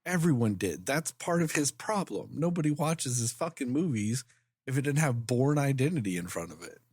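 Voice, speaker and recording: A woman's voice: rumbling low, very animated, moderate pace, darkish tone, slightly rough, no room sound. A woman co-hosting a movie podcast, chatting casually in a blunt, jokey way and swearing freely. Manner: jokey, blunt, swears, does silly voices. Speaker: podcast co-host.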